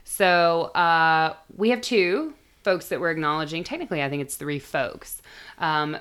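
A young woman co-hosting a casual podcast, her voice sitting on the lower side and worn hoarse, catching in a rough vocal fry. She talks loosely and playfully, swearing freely and breaking into laughs. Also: a little slow, a bit bright. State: hoarse, recovering from lost voice. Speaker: podcast co-host.

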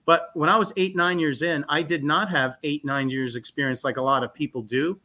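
Guest, man in his fifties, animated storyteller, brightly toned voice that trips over its own words. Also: a little high, brisk. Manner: animated, with frequent restarts and repeated words. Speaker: guest, physical therapist. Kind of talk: casual interview storytelling.

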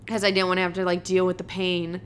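A woman's voice: fairly low pitch, completely flat delivery, fast, clean tone. A young woman vlogger speaking candidly to her viewers, casual and full of filler words and swearing. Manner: casual, swears often, heavy use of "like". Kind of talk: candid personal storytelling to camera.

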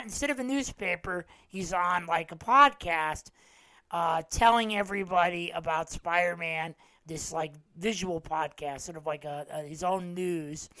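A man's voice: high-pitched, fairly bright tone, dry recording, rough recording. A man hosting a podcast, giving a casual, rambling movie recap full of fillers and restarts. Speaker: podcast host.

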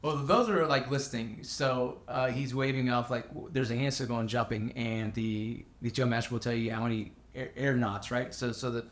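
A man of middle pitch who chats casually as a podcast host. He swears freely and gets animated, acting out the voices of the people in his stories. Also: normal speed, hardly any pauses. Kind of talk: casual chat.

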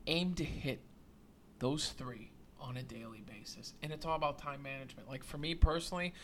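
Bright-voiced animated man. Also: fairly high pitch, a little fast, slight background noise. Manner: animated, restarts and repeats words. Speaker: podcast co-host. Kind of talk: casual chat.

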